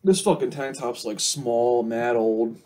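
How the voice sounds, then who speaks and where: A young man rambling casually to camera in a profane vlog, swinging between loud outbursts and low mumbles. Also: unhurried. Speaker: vlogger.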